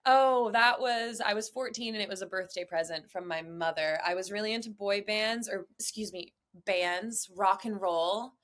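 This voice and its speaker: A young woman from Nevada, a guest in a casual interview, talking in an animated, chatty way and laughing easily. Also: mid-range voice, normal speed, hardly any pauses. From Reno, Nevada.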